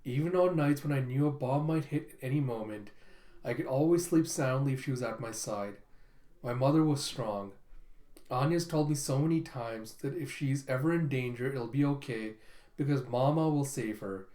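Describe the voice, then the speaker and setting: A man putting on a low, cool-headed male spy. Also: dark tone, echoey room, lightly acted. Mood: earnest. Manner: low, measured inner monologue. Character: calm, calculating adult male spy.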